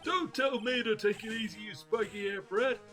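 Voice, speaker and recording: A man voicing a cranky, paranoid old male craftsman who rants and shouts. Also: normal speed, soft background music. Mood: indignant. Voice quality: shrill, ranting. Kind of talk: game dialogue read aloud.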